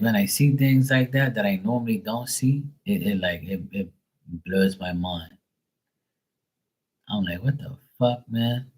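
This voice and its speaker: A man chatting casually on a tarot livestream, telling stories in a profane, animated way. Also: fairly low pitch, rough recording. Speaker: tarot reader.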